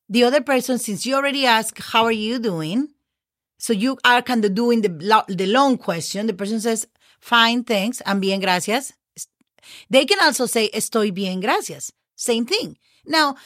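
A woman's voice: fairly high pitch, fairly bright tone, dry recording, studio quality. Patient woman teaching. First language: Spanish. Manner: patient, spells words letter by letter, checks in with "okay?". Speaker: Spanish teacher, podcast host. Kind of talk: casual podcast language lesson.

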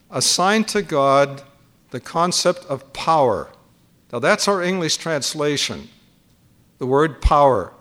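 An older male preacher delivers a teaching sermon at a conference. His voice sits a little high for a man. He works through his points one by one and repeats key phrases to drive them home. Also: fairly bright tone.

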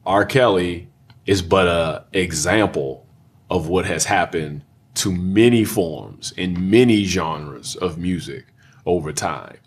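A man in a group chat who explains his view at length in a measured, analytical way. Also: sits low, breathy edge.

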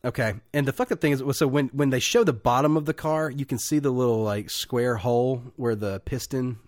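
A man co-hosting a casual movie podcast, retelling scenes with lots of swearing and loud acted-out quotes. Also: fairly quick, no echo, studio quality. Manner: animated, acts out movie lines with loud high quotes, swears a lot. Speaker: podcast co-host. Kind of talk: casual movie-review chat.

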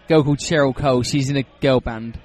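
A man's voice: mid-range voice, steady tone, fast, darkish tone, faint music behind. A British man co-hosting a podcast in casual chat, joking and teasing. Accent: British English. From Britain. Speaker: podcast co-host.

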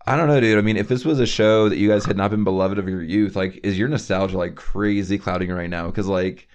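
This podcast co-host has a lowish, darkish voice with fairly even intonation and a quick pace. Chatting casually while reviewing a TV show, he's laid-back and slangy, leaning on fillers like "dude" and "like."

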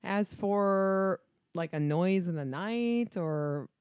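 A woman's voice: medium pitch, lively intonation, slow, darkish tone, clear, resonant tone, no room sound, clean studio sound. A woman chatting casually in a frank, matter-of-fact way. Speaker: conversation partner. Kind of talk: casual chat.

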